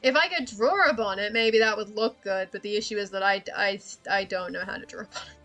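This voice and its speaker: Bright-voiced woman rambling while drawing. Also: medium pitch, soft background music. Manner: rambling, swearing, quick laughs. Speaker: art streamer. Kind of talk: casual livestream chat while drawing.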